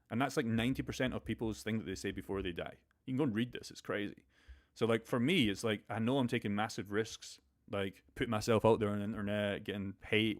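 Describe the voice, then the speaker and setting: Male streamer, young, fast and blunt, casual profane pep talk. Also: lowish voice. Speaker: crypto live stream host. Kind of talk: casual live stream chat.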